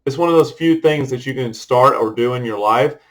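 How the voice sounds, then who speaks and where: A man's voice: mid-range voice, a little fast, rough recording. A middle-aged man talking casually to camera in a rambling personal vlog, loose and full of fillers and restarts. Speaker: vlogger.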